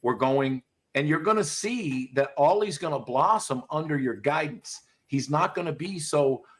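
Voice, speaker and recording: A man with a fairly high-pitched voice hosts a casual podcast chat. He talks bluntly and swears freely, throwing himself into animated stories. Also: moderate pace. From US South. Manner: blunt, profane, animated storytelling. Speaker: podcast host, dog trainer.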